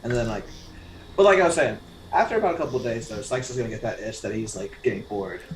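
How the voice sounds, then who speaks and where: A man's voice: mid-range voice, expressive, very fast, reverberant, background noise. A man player in a tabletop game, talking playfully and laughing easily. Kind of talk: casual tabletop play.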